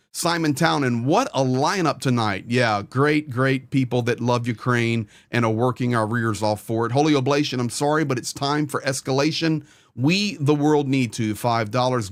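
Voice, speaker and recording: A man's voice: mid-range voice, no room sound. A man hosting a live stream, earnestly rattling off names and donation amounts.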